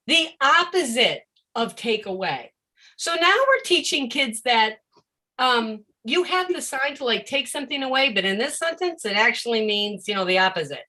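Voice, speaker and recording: A woman teaching a live-streamed presentation on reading for deaf children, animated and often acting out a confused child's voice. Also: on the high side. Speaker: educator of deaf students.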